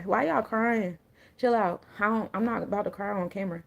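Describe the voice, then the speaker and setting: A woman talks straight to her viewers as a spiritual coach and tarot reader. Her voice sits at an ordinary middle pitch, and she talks casually and bluntly, full of slang and joking asides. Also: a little fast, gravelly.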